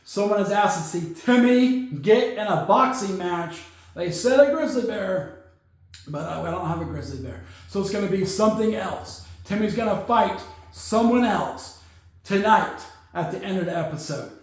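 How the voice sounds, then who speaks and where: A man's voice: high voice, lively intonation, normal speed. A man hosting a casual sports talk show, chatty and rambling, stumbling over numbers. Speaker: podcast host. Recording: very echoey room.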